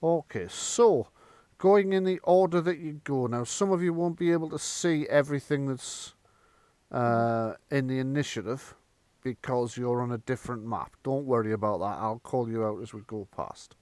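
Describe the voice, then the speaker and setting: Laid-back swearing game master, dry sound. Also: male voice, mid-range voice, moderate pace, darkish tone, no room sound. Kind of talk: running a tabletop game online.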